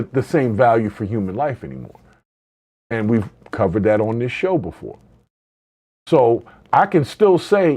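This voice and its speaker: A man's voice: a little high, a little mellow. Blunt, heated man sounding off. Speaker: podcast host. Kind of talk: opinionated commentary.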